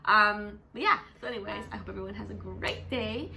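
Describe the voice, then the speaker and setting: A young woman from Canada chatting casually in a vlog, animated and full of "like" fillers. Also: mid-range voice, brisk, creaky, background noise. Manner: chatty, animated, says "like" constantly. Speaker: vlogger; teacher.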